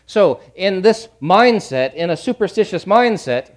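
A middle-aged male pastor preaching a sermon, repeating key phrases and swinging from hushed to loud. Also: sits high, animated, measured pace.

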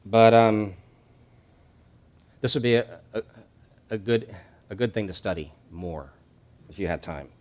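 A man's voice: on the low side, unhurried, long pauses, a little mellow. A man preaching a sermon, repeating key phrases for stress and reading scripture aloud with rising energy. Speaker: pastor.

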